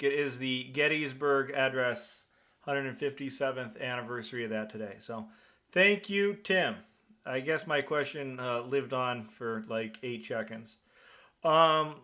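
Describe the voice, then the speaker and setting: A man's voice: medium pitch, bright, forceful tone. A man with an upstate New York accent hosting a radio net as net control, chatty and rambling with lots of fillers.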